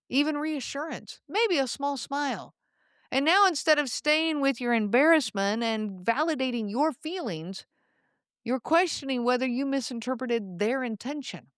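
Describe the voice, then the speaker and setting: A woman hosting a solo podcast, speaking in a calm, reflective way and addressing the listener directly. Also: on the high side, clear, resonant tone, no echo, studio quality. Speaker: podcast host.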